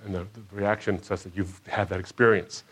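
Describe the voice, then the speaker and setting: A man telling his personal faith story to a live audience. He acts out what people said in a higher, louder voice and drops low and quiet at the emotional moments. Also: steady tone, brisk, slightly rough.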